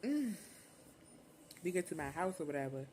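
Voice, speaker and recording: A young adult woman vlogger telling a storytime in casual, slangy, profane talk, animated and unfiltered. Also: on the low side, moderate pace, a little hiss or hum.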